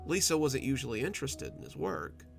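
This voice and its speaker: A man narrating a scripted horror story in a measured, steady way. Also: medium pitch, gravelly. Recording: soft background music.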